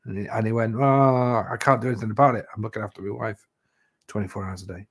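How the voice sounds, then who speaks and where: A man's voice: lowish voice, fairly even intonation, fast. A man telling stories in a casual chat, rambling and swearing freely with lots of "you know". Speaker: live chat host.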